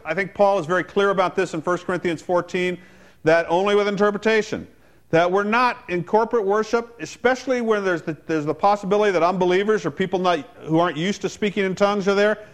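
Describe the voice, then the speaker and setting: A man, a pastor, preaching a sermon in a conversational way with joking asides. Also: high-pitched.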